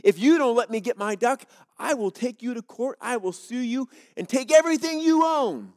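A pompous big-city lawyer blusters and threatens, as a male preacher acts him out. His voice runs high and puffed up with self-importance. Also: animated, moderate pace, a little mellow. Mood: indignant.

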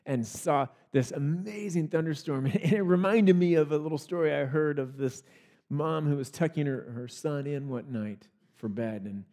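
Male pastor, higher-pitched voice, loose conversational sermon delivery with restarts. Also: normal speed, warm tone. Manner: conversational, with frequent restarts and small laughs.

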